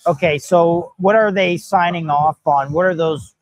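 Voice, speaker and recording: Upbeat host with a higher voice. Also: male voice. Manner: upbeat, quick reactions, chatty. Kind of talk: casual live-stream interview. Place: hackathon event floor.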